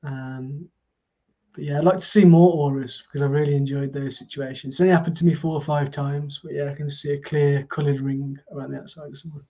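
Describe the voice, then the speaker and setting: A man's voice: fairly high pitch, level tone, a little fast, dark tone, dull audio. A man being interviewed as a guest, talking in an easygoing, reflective way. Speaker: festival organiser and guest. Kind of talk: casual interview chat.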